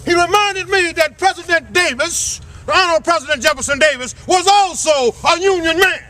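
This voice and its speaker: A man's voice: very high-pitched, fairly quick, bright, forceful tone. A man giving an impassioned outdoor speech at a ceremony, preacher-like, calling for amens. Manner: preacher-like call and response. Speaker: speaker at a flag ceremony.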